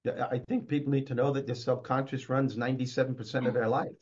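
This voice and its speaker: A man's voice: medium pitch, level tone, quick pace, darkish tone. An older man, a motivational speaker and guest, talking emphatically and upbeat in a conversational interview. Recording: dull lo-fi recording.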